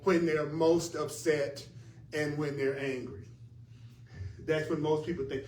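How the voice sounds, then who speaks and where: A man's voice: on the high side, steady tone, measured pace, long pauses, a little mellow, slight background noise. Earnest man teaching, echoey and distant. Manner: earnest, emphatic, repetitive. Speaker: spiritual teacher. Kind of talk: teaching a class. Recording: echoey room from far off, faint ambience.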